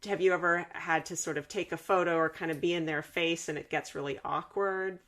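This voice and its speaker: A woman's voice: fairly low pitch, fairly even intonation, fairly quick, a bit bright. A woman hosting a podcast interview, asking thoughtful, conversational questions. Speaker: podcast host.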